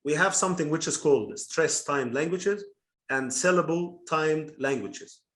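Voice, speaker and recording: A man's voice: a little high, measured pace, a bit bright. A man teaching an online class over a video call, explaining patiently step by step and repeating key terms.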